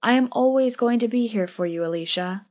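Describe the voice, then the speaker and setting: A woman's voice: on the high side, a little fast, darkish tone, close to an everyday voice. A woman voicing a fiercely loyal young friend. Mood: pleading. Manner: earnest, impassioned pleading.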